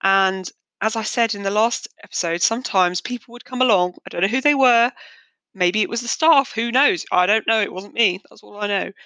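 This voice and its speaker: Bright-voiced woman telling stories. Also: medium pitch, moderate pace, dry recording. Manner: chatty, rambling, darkly candid. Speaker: podcast host. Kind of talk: casual storytelling monologue.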